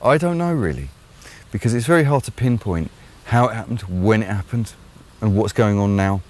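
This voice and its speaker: An English vlogger host delivers opinionated solo commentary in a lowish, animated, slightly mellow voice at a moderate pace. He rambles and hesitates with plenty of fillers, tossing in blunt, sardonic asides.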